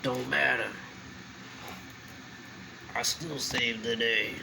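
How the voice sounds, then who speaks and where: Relaxed male vlogger, talks slow with his mouth full, steady AC hum behind. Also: mid-range voice, vocal fry. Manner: slow eater. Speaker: mukbang vlogger. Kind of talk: casual eating vlog chat.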